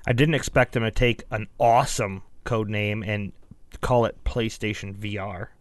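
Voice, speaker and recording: A man's voice: on the low side, fairly even intonation, normal speed, no room sound. A man co-hosting a casual gaming podcast, telling stories chattily and reading out listener questions. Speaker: podcast co-host.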